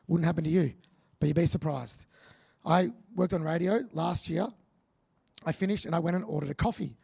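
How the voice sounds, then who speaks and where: An Australian man delivers a motivational keynote with punchy, joking energy. His voice sits high for a man, with a gravelly, husky edge. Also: moderate pace. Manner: energetic, punchy, jokey with the audience. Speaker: keynote speaker.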